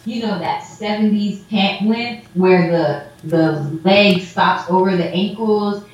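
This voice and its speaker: A woman telling stories in casual chat, animated and acting out what people said, with lots of "like". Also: medium pitch, slow. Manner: animated storyteller, acts out quotes, heavy "like" filler. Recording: roomy echo, dull lo-fi sound.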